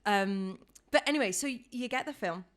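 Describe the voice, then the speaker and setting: A young adult woman hosting a casual interview chat, animated and acting out quoted voices with big leaps in pitch. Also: a little fast. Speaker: podcast host.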